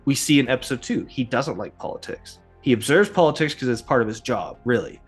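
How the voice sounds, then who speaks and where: A man's voice: medium pitch, animated, brisk, breathy edge, soft background music. A man hosting a casual podcast, rambling with lots of fillers and chuckles. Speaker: podcast host. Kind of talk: casual chat.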